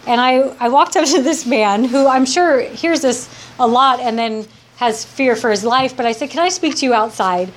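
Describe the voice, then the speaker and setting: A woman's voice: high-pitched, normal speed, hardly any pauses, a little hiss or hum. A woman giving a heartfelt personal testimony to a live audience, rambling with many restarts. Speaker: speaker sharing her recovery story.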